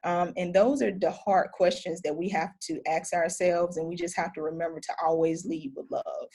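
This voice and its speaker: A woman nurse practitioner giving an earnest, conversational lecture with audience questions over a video call, often pausing on "um". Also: lowish voice, fairly even intonation, dark tone, slightly rough. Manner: earnest, conversational, many "um" fillers.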